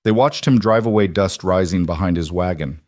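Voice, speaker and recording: A man narrates a scripted frontier story at an even, measured pace. His voice sits fairly low. The sound is dry, with no room around it. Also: no room sound.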